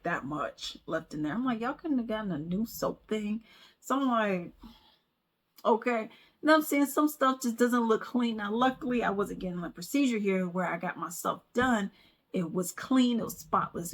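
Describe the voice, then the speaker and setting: Woman vlogger, casual commentary, animated storytelling, okay? tags. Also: a little high.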